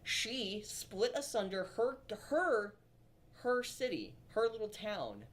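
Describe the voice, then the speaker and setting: A man's voice: sits high, sing-song, slow pace. A man giving opinionated video commentary, rambling and stumbling over his words.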